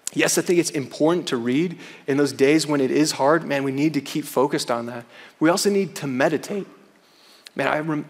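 A young man giving an earnest chapel sermon to students, often saying "man". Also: mid-range voice. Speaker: campus chapel speaker. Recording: hall reverb.

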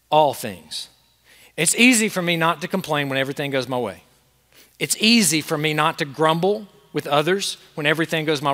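A man's voice: mid-range voice, a bit bright, long reverb tail. A man preaching a sermon as pastor to a congregation in a church, earnest and emphatic, asking the crowd questions. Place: church sanctuary with a masked congregation.

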